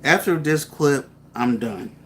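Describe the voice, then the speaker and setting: A man's voice: fairly high pitch, lively intonation, takes it slowly, fairly bright tone, a little hiss or hum. A man co-hosting a reaction video, dry and mocking with insulting asides. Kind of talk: casual commentary on a clip.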